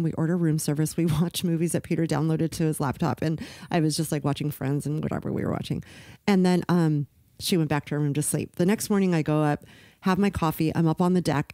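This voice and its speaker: A middle-aged woman co-hosting a podcast, telling a personal story in casual chat, animated and emotional, acting out the people she quotes. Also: low voice, dry recording, clean studio sound. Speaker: podcast co-host.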